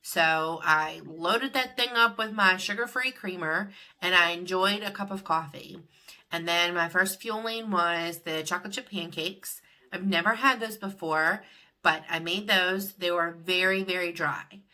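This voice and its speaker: Casual middle-aged woman vlogger, rambling, bright and a bit low-pitched. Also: a little slow. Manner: chatty, rambling, lots of "like". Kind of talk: casual confessional vlog.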